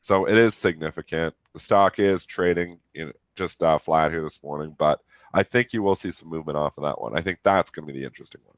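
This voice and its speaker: A man in his thirties with a very deep voice talks fast, sounding nasal and stuffed-up from a cold. He co-hosts a live market show, rambling along in casual trader talk. The recording is studio quality with no echo.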